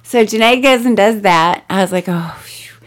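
A woman's voice: a little high, moderate pace. A woman co-hosting a podcast, telling family stories in casual chat and laughing often. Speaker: podcast co-host.

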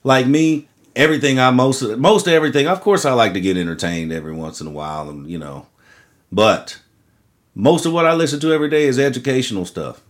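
A man's voice: mid-range voice, a little fast. A man co-hosting a podcast in casual, profane chat, often laughing as he talks. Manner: profane, laughing, loose storytelling. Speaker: podcast co-host.

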